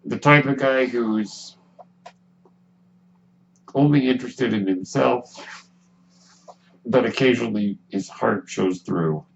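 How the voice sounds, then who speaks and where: A man hosting his own podcast in a relaxed, musing monologue, speaking with a ventilator that is heard in the background. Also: mid-range voice, vocal fry. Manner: relaxed, musing, with pauses and restarts. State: breathing with a ventilator. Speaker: podcast host. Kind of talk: casual solo podcast monologue. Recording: dull lo-fi sound with faint hum.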